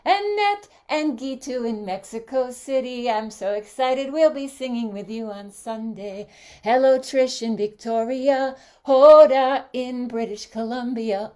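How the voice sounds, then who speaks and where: Woman, host, unhurried, slightly high voice, sing-song greetings, video call audio. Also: darkish tone. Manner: lilting, sing-song greetings, drawn-out welcomes. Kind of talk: warm welcoming livestream greetings.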